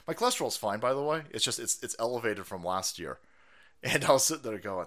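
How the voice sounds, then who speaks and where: A man hosting a political stream, ranting loudly and sarcastically with lots of swearing and mocking voices. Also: on the low side, expressive, quick pace. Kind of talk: profane ranting commentary.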